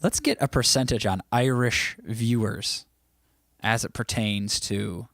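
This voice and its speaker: A man's voice: fairly low pitch, slow, creaky, a bit bright, no echo. Host, male, casual stream chatter, dry close mic, slightly scratchy throat. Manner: loose, chatty, reacts to chat messages. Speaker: livestream host. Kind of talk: casual chat reading live comments.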